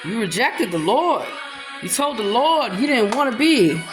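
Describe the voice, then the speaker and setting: Music plays behind a roomy echo as a self-styled preacher, a Black woman, delivers a defiant, impassioned monologue at her accusers. Her voice is a little high and sing-song, unhurried, and she breaks into gospel-style singing.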